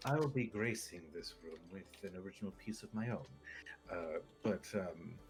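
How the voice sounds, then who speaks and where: A man's voice: sits low, normal speed, faint music behind. A man voicing a boastful male bard, pompous and showy. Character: boastful male bard, self-styled best in land.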